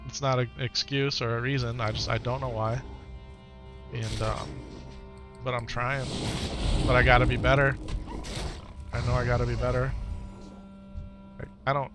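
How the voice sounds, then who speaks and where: A man's voice: mid-range voice, flat delivery, moderate pace, pauses often, music in the background. A middle-aged man streaming live, talking casually and earnestly to his viewers, often repeating phrases for emphasis.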